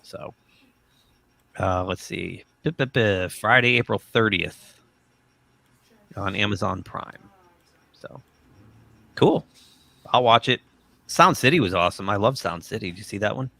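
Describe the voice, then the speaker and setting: Gravelly, bright-voiced man telling stories. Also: on the low side, measured pace, pauses often, no room sound. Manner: animated anecdote teller, quotes people in voices. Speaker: livestream host. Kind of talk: casual chat, storytelling.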